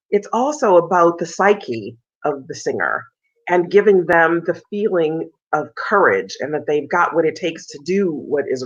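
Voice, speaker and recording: A woman's voice: fairly low pitch, breathy edge. A woman, a soprano interviewed on a video call, telling a story and acting out the lines of the people in it. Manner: animated storyteller, acts out quoted lines in a raised voice. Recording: dull lo-fi sound.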